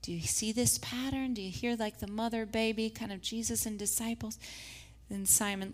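Woman, Bible teacher, higher-pitched voice, animated delivery, long hall reverb. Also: moderate pace. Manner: expressive, acts out Bible quotes in lively voices. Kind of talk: teaching a faith-based talk with slides.

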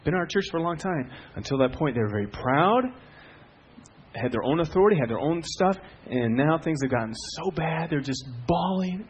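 A middle-aged man preaching a sermon as a pastor, telling stories with swings from hushed to loud. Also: a little high, lively intonation, a little fast, slightly rough, lo-fi sound.

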